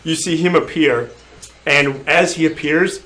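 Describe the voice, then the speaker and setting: A man narrating a tabletop game as game master, animated and laughing, breaking into loud crowd voices. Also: a little high, measured pace.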